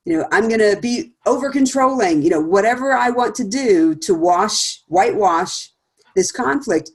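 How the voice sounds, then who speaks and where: A woman's voice: medium pitch, expressive, moderate pace. Middle-aged lady chatting through a talk, laughs a lot, acts out the quotes. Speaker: speaker series presenter. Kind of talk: casual conversational talk.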